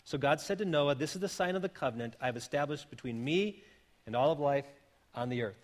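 A man's voice: fairly high pitch, expressive, a little fast. A man in his fifties preaching a sermon as a pastor, talking in an earnest, conversational way with frequent restarts. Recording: long hall reverb.

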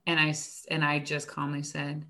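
A young woman, a teacher, chatting casually and acting out her students and herself in animated stories. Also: deep voice, moderate pace. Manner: animated storytelling, acts out student dialogue, frequent "like". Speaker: elementary school teacher. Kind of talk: casual chat.

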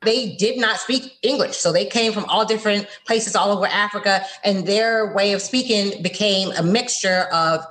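A woman from Florida, a guest in a conversational interview, talking in an animated, expressive way as she tells her stories. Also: medium pitch, normal speed, few pauses. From Florida, USA.

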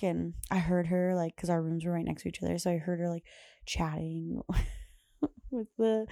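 A young woman on a parenting podcast, telling a long story with lots of "like" and little acted quotes. Her voice is low-pitched, gravelly and mellow. It sounds close to the mic in a dry room. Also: dry recording. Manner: chatty, full of fillers and quoted dialogue. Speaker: podcast host. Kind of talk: casual storytelling chat.

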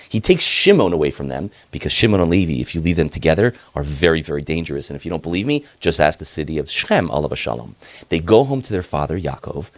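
Lively low-voiced rabbi telling a story. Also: male voice, quick pace. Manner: animated, slangy retelling with acted quotes. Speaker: rabbi and head of school. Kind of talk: casual storytelling lesson.

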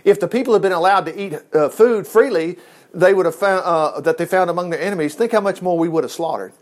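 A man's voice: high voice, fast talker, close to an everyday voice. A man reading the lines of a bold young warrior prince who brushes off a foolish order. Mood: brash.

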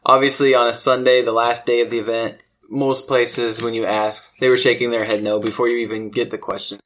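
A podcast host chats casually about board games, telling stories and laughing easily. His medium-pitched voice is flat and brisk, with a slightly bright quality.

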